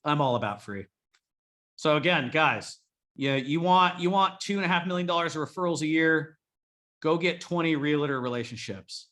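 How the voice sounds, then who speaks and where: Guy coaching remodelers, swears a lot, hypes up the group, kinda sharp voice. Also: on the high side, lively intonation, normal speed. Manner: blunt and profane, rallying listeners. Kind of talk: coaching talk to a live group.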